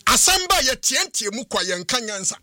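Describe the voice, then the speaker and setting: A man's voice: very high voice, sing-song, normal speed, sharp tone, no echo, clean studio sound. A man with a Ghanaian accent, hosting a sports radio talk show and giving emphatic, argumentative opinions. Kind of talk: radio sports talk in mixed Twi and English.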